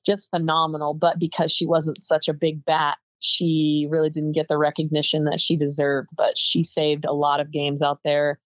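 Casual young female guest, low voice, rapid chatty delivery, dry close mic. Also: monotone, dry recording. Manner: chatty, fast bursts with many fillers. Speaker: podcast guest, softball player. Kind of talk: casual interview chat.

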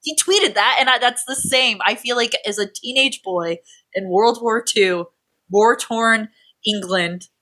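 Bright-voiced, profane woman host. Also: fairly high pitch, a little slow. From United States. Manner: profane, animated, sarcastic. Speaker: podcast host. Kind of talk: comedic true-crime storytelling.

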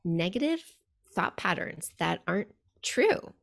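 A woman with a fairly low, very animated voice, unhurried and with vocal fry, talks in a podcast conversation. She's a host and meditation teacher whose storytelling is earnest and warm-hearted, full of "like."

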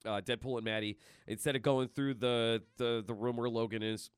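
A man co-hosting a casual podcast, talking excitedly and rambling with many fillers. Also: mid-range voice, normal speed, clean tone, dry recording, clean studio sound. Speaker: podcast co-host. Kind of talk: casual chat.

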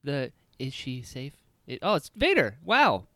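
A tired man co-hosting a casual podcast chat, trading wry jokes and laughing easily. His pitch swings widely from line to line. The sound is close and dry, with no room around it. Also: huge pitch swings, a bit bright, no echo. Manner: joking, wry, quick to laugh. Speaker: podcast co-host.

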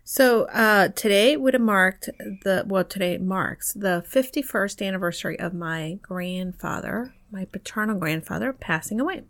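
A woman in her fifties co-hosts a relaxed podcast chat. She teases her partner in a matter-of-fact tone and stretches some of her words. Her pitch is about average for a woman. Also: moderate pace, few pauses. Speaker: podcast co-host. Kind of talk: casual chat.

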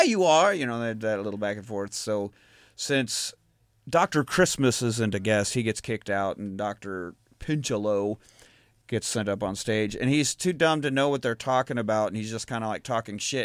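A man's voice: lowish voice, normal speed, no room sound, studio quality. A man hosting a casual podcast, recapping a movie in a rambling, profane way and laughing often. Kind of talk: casual chat.

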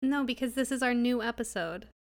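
A woman's voice: on the high side, a little fast. Cheeky woman podcast player. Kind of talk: casual podcast chat.

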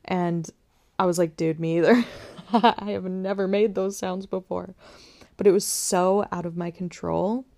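Young woman podcasting, telling her own story real candid, lots of vocal fry, whispers sometimes. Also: mid-range voice, level tone, unhurried. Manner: candid and reflective, with soft laughs and whispered asides. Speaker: podcast host sharing her birth story. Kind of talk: personal storytelling monologue.

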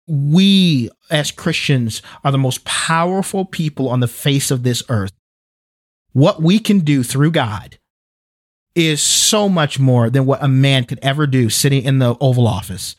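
A man's voice: mid-range voice, dry recording, clean studio sound. A man co-hosting a faith-based podcast, speaking earnestly and emphatically, often restarting and repeating words. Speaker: podcast co-host.

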